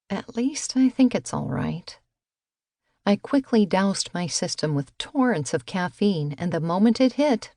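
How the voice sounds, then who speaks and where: A woman narrating an audiobook in a lively storytelling manner. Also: low-pitched, no echo, studio quality. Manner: lively storytelling, voices the quotes.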